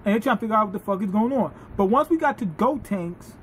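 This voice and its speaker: A man casually reviewing an anime episode, telling it in an animated, profane, laughing way. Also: sits high, fast, slight background noise.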